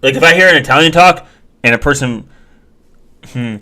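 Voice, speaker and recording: Rambling jokey man, bright voice. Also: medium pitch, normal speed. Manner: rambling, jokey, lots of fillers and restarts. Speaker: vlogger. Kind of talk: casual rambling talk to viewers.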